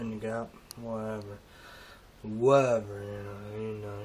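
A man rambling through a halting, emotional monologue in a casual vlog, trailing off and restarting often. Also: on the low side, steady tone, darkish tone, a little hiss or hum. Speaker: vlogger.

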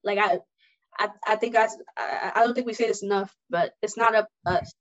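A woman's voice: mid-range voice, fairly even intonation, fairly quick. A young woman hosting a podcast, talking emphatically and restarting her sentences. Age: young adult. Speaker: podcast host. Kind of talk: casual podcast chat. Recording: dull lo-fi audio.

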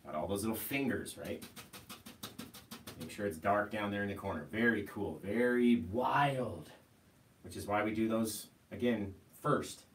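A man's voice: on the low side, measured pace. Brief: male painting instructor, chatty and easygoing, room echo, mic set back. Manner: relaxed, chatty, keeps asking "right?". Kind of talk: live painting tutorial. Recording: roomy sound, mic at a distance, faint noise.

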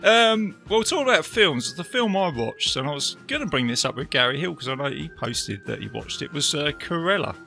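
An English man with an English accent talks films on a podcast in a bright, sharp-toned voice, friendly and quick to laugh. His pitch sits in an ordinary middle range, with faint music underneath. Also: big pitch swings, creaky. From England. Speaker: podcast host. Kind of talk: casual chat.

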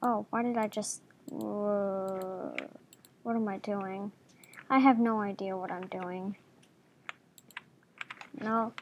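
A woman casually commenting on her own gameplay, talking to herself with jumpy reactions and soft murmured asides. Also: mid-range voice, fairly even intonation, slow pace, pauses often, a little hiss or hum. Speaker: gaming video creator.

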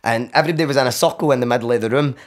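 A man's voice: mid-range voice, rapid-fire. Glaswegian man telling a story. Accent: Glaswegian Scottish. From Scotland. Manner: animated, acts out his own past cries and quotes. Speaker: podcast guest. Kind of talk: casual storytelling chat.

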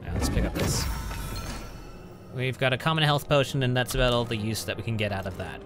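A man's voice: medium pitch, fairly quick, over music. A man giving casual let's-play commentary at his home computer, chatting as he reads out item stats and mutters at enemies. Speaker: gaming channel host.

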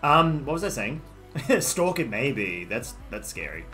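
Aussie guy streaming a game, bright voice, chats with viewers, quiet music behind. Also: medium pitch, big pitch swings, a little slow. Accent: Australian. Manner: rambling, greets and answers chat. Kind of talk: casual live-stream chat. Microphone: desktop microphone. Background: faint background music.

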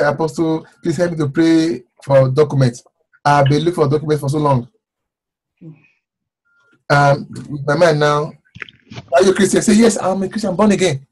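A man, an apostle, leading fervent prayer and preaching a sermon, repeating phrases and rising to shouts. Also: a little high, husky. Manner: fervent, repetitive, shouting at times.

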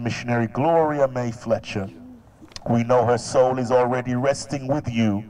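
A man leading a graveside burial prayer in a solemn, measured way, recorded outdoors. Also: mid-range voice, a little mellow. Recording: voice from far off the mic.

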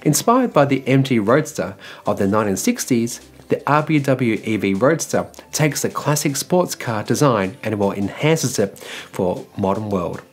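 A man's voice: medium pitch, very animated, normal speed, soft background music. A man from Australia hosting an electric car news show, reading his script in a loose, casual way and filling gaps with "like" and "well". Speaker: EV news host.

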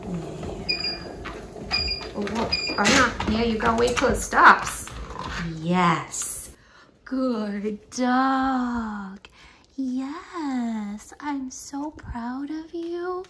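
Slow, soft-spoken woman praising her dogs. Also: fairly high pitch, roomy sound. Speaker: vlogger and dog owner. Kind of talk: casual chat. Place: indoors at home beside a running treadmill. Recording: steady treadmill motor noise behind.

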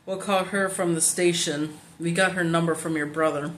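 A blunt, matter-of-fact patrol officer in an audiobook, as a woman reader puts him on, keeping his words short and low-key. A faint noise floor hums under the reading. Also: steady tone, normal speed, lightly acted. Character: police driver, blunt male patrol officer.

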